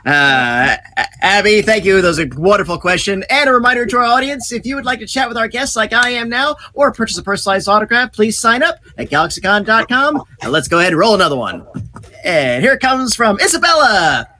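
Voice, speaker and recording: Bright, high-pitched male panel host. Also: animated, a little hiss or hum. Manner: brisk and upbeat, reading out fan questions. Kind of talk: hosting a video-call fan panel. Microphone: video call.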